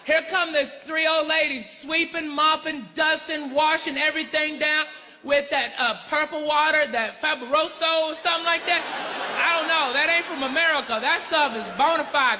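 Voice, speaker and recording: A man performing stand-up comedy, telling a story in a loud, animated way. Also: very high voice. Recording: big reverberant venue with laughing crowd and noise.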